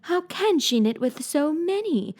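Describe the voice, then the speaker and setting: A woman's voice: sits high, big pitch swings, measured pace, darkish tone, voice pushed up. A woman reading aloud, voicing a polite, earnest little girl in a storybook. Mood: earnest, wondering.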